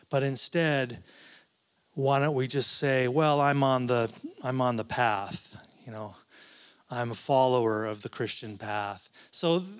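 A man, a professor, giving a conversational talk at a church, with asides and frequent restarts. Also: mid-range voice. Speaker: guest speaker, professor.

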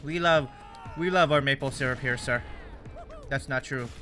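A man's voice: medium pitch, normal speed, music in the background. A young man, rambling and joking through casual gameplay commentary. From Canada. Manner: rambling, jokey, self-deprecating. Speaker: gaming YouTuber.

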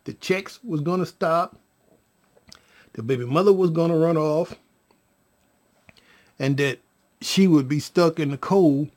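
Husky, slow-talking storyteller man. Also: mid-range voice. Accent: Californian. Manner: animated storytelling, slangy, addresses listeners as y'all. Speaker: vlogger telling his own story. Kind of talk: emotional personal storytelling.

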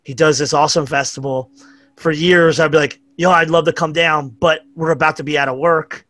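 A man's voice: a little high, steady tone, fairly quick, fairly bright tone, dry recording. A middle-aged man with a New York accent, telling rambling, profane stories as a podcast guest. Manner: profane, rambling anecdotes with acted-out quotes. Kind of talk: casual storytelling chat.

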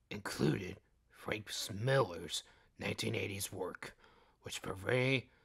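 Gravelly, husky male podcast host, slow and deliberate, reads trivia with comic asides. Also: on the low side, bright, forceful tone. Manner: jokey outbursts between read facts.

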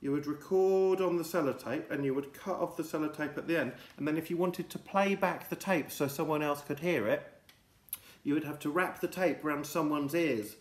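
A man hosting an absurd mock lesson for kids, rambling in a silly, deadpan way with big swings in his voice. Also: a little high, moderate pace. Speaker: comedy presenter of a children's show. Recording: roomy echo.

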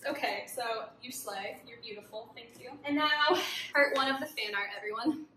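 A high, bright woman's voice, bubbly and gushing as she chats to her viewers about what she unboxes. The sound is roomy and echoey, with a faint hiss of background noise behind her. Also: normal speed. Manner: gushing, excited, talks to viewers. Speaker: book vlogger. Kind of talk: casual unboxing chat.

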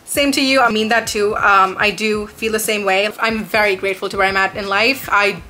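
A woman's voice: mid-range voice, steady tone, normal speed, sharp tone, a little hiss or hum. A woman in her early twenties from Dubai, chatting in a casual question-and-answer vlog, bubbly and rambling with dramatic exclamations. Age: 20s. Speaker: vlogger answering viewer questions.

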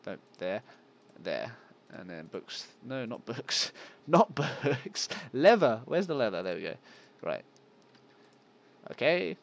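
A gaming channel host gives casual, self-mocking let's play commentary, talking to his viewers and yelping at game monsters. His voice is fairly low and gravelly, sing-song, at a measured pace.

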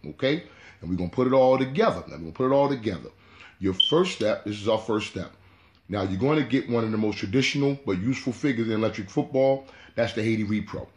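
A man hosting his own hobby channel, giving a casual, repetitive how-to talk full of "you know". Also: mid-range voice. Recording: echoey room.

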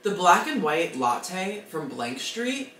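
A man's voice: high-pitched, very animated, slow, sharp tone, reverberant, a little hiss or hum. A young man vlogging casually, dramatic and self-deprecating, gushing about things. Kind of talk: casual vlog chatter.

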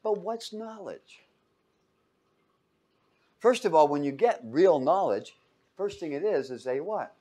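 A man's voice: on the high side, slow, pauses often. A man teaching a class in a lecture style, quizzing students with fill-in-the-blank questions and acting out quotes in little voices. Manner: animated, acts out quotes in voices.

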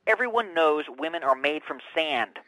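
A man's voice: on the high side, expressive, normal speed, bright, forceful tone, no echo, rough recording. A man voicing a contemptuous crackpot caller with absurd claims. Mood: scornful.

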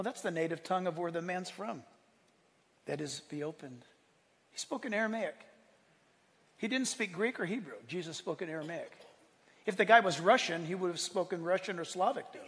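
Animated high-voiced male preacher. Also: in a large hall. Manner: animated preaching, acts out quotes, asks the room. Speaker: pastor. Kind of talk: sermon.

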